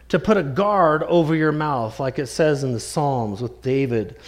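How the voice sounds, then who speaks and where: Earnest, slightly high-voiced male preacher. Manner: earnest, emphatic, slows right down to stress key words. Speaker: pastor. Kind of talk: sermon.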